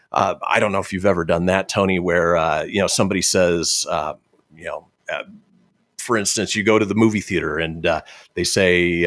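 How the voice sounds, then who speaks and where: A man's voice: low-pitched, dry recording, studio quality. A man hosting a radio show, chatting casually and reading out listener messages with chuckles. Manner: lively, chuckling storyteller.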